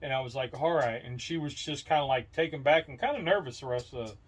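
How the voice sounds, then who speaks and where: A man's voice: medium pitch, animated, fast. A middle-aged man co-hosting a casual podcast, telling a rambling story and acting out the quoted lines, mentioning brain fog. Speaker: podcast co-host. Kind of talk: casual chat.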